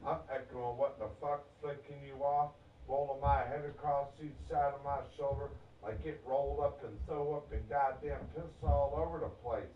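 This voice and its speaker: An agitated man vlogger delivers an angry, profane, disjointed rant in a medium-pitched voice with fairly even intonation at normal speed. He was recorded far off in a roomy space, so the sound is echoey, distant, and muffled, with slight background noise.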